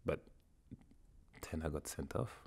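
A man with a French accent, a former footballer chatting as a guest, halting and searching for his words. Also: heavy background noise. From France. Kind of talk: casual interview chat.

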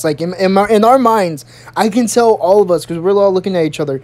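A young adult in their early twenties telling a storytime tale with a lot of swearing and tangents. The delivery is animated and rambling at a middle pitch. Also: fairly quick, few pauses. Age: early 20s. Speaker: vlogger. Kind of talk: storytime vlog.

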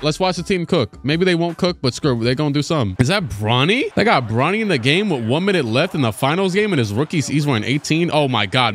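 A man in the middle of a gaming stream, talking at an ordinary middle pitch as he narrates the game. He rambles, corrects himself and shoots his voice up high when a play gets exciting. Soft music sits quietly behind him. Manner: excitable, voice jumps high during play calls. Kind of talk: casual video game commentary with play-by-play.

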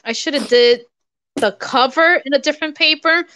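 A woman hosting a live craft stream, relaxed and easygoing, giving tips in casual chat. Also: high-pitched, moderate pace, a little hiss or hum. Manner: relaxed, easygoing, repeats herself.

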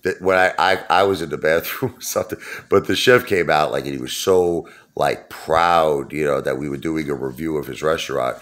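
A man's voice: a bass voice, normal speed, a bit bright. A middle-aged man hosting his own channel, telling rambling stories in a joking, self-mocking way. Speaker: YouTube host. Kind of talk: casual rambling vlog talk.

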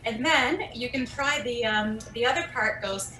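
A woman with a high, lively voice leads a children's talk, coaxing and encouraging the listeners to join in. She speaks unhurriedly, and the sound is echoey and distant, as if recorded from the back of a church with a faint rumble underneath. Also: unhurried. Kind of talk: children's message with call-and-response. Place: church sanctuary.

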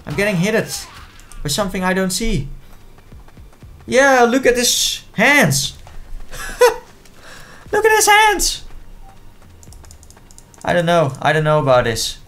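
Man, playful gameplay commentator, easily exasperated, faint music underneath. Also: mid-range voice. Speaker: gaming commentator.

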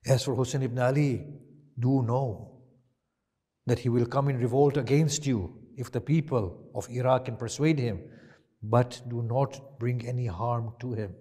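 A man preaching a Muharram sermon, retelling events with impassioned swings from loud emphasis to hushed quiet. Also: medium pitch, steady tone, unhurried. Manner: impassioned, rising to loud emphasis then dropping to hushed tones. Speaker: shaykh giving a Muharram lecture. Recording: long hall reverb.

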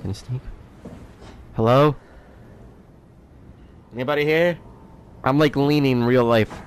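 A man playing a horror game, talking to it out loud, jumpy and quick to swear. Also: mid-range voice, clear, resonant tone. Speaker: gaming video host. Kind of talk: let's play horror game commentary.

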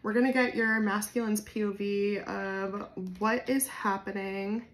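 A woman's voice: medium pitch, steady tone, measured pace. Chatty woman with a Jersey accent. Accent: New Jersey. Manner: chatty and spontaneous, with many fillers and sudden swings between soft and loud. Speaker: tarot reader. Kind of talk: casual tarot reading to camera.

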